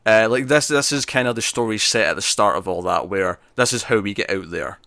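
Fast, bright-voiced excitable man. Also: on the low side, vocal fry, no echo. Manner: excitable, animated retelling of scenes. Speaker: podcast co-host. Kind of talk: casual TV episode recap chat.

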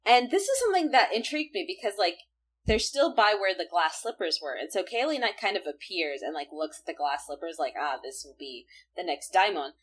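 A woman co-hosting a casual podcast, retelling an episode with animated play-acting of the characters' lines. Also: mid-range voice, fairly quick, a little hiss or hum. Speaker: podcast co-host. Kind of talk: casual chat recapping an anime.

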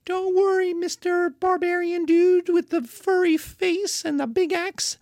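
A woman voicing a sly, eager rich small-town man, high and wheedling as she acts him out in a lesson. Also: steady tone, measured pace, darkish tone, dry recording, studio quality. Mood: scheming. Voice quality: high, wheedling, sing-song.

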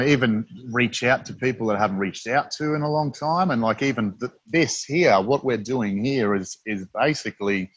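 An Australian freediving instructor, appearing as an interview guest, chats casually and rambles through his stories with plenty of fillers and restarts. His voice is fairly low, and there's no echo.

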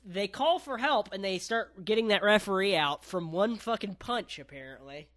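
A man's voice: sits high, expressive, moderate pace, a bit bright. A man casually recapping a wrestling match on a podcast, laid-back, with lots of ums and casual swearing.

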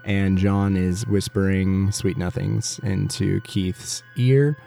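Brief: man game master, slow dry narration, low mellow voice. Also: steady tone, creaky, soft background music.

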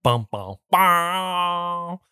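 A man's voice: high voice, extremely slow, clean tone, no room sound, clean studio sound. Wry man co-hosting a recap podcast. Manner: wry, deadpan asides, bursts into mock ranting. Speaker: podcast co-host. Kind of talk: comedic book recap chat.

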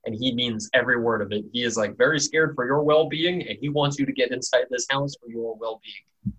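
A man's voice: medium pitch, brisk, fairly bright tone. A man narrating a tabletop game as dungeon master in a loose, casual, rambling way. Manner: casual, rambling with fillers and laughs.

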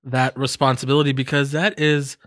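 A man co-hosting a casual podcast, telling animated, crude jokes. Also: mid-range voice, brisk, dry recording, studio quality. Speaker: podcast co-host. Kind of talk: casual chat.

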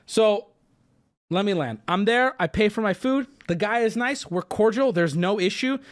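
A man tells a rambling story in a casual, profane way, voicing the other person as well as himself. His voice sits on the high side, and his pitch leaps up and down with animated energy. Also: moderate pace. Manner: animated, profane, acts out both sides of the exchange. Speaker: streamer telling a story.

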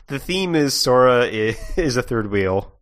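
A man's voice: mid-range voice, animated, unhurried, fairly bright tone. A man co-hosting a podcast, chatting casually about a video game with dry, wry jokes and short replies. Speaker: podcast co-host.

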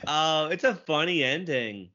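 A man co-hosting a cartoon podcast, recapping an episode with enthusiasm and quick quoted lines. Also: on the high side, lively intonation, sharp tone. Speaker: podcast co-host. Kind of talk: casual chat. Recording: dull lo-fi sound.

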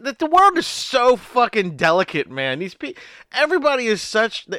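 A man's voice: very high voice, huge pitch swings, moderate pace, sharp tone, smooth, dry recording, clean studio sound. A man hosting a podcast, ranting profanely in crude casual banter and laughing often. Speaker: podcast host.

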